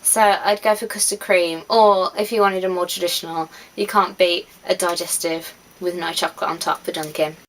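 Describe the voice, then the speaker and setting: A woman's voice: fairly low pitch, fairly even intonation, normal speed, hardly any pauses, low-quality recording. A woman, chatting casually to camera with easy laughs and trailing asides. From West Midlands, England. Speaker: vlogger.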